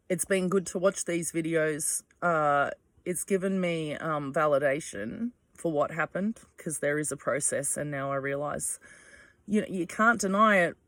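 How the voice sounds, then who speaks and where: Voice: mid-range voice, a bit bright, no room sound. A vlogger talking in a frank, rambling monologue, full of ums and asides and casual swearing.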